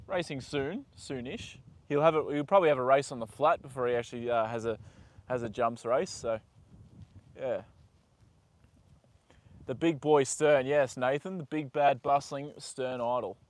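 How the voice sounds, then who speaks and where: A young man live-streaming from a horse paddock, chatting with viewers and talking softly to his horse. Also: mid-range voice. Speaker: livestream host. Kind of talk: casual live stream chat.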